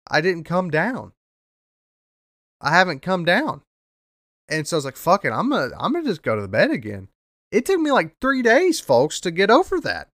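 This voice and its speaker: A young man hosting a podcast, telling a story in a rambling, profane way, repeating himself and bursting into loud rants. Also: mid-range voice, no room sound, studio quality. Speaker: podcast host. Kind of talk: casual storytelling monologue.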